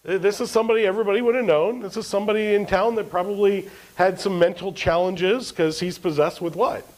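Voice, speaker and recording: A man's voice: high voice, fairly even intonation, fast, darkish tone, low-quality recording. A man preaching a sermon as pastor, asking the congregation questions and answering them, and reading scripture with rising emphasis. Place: church service.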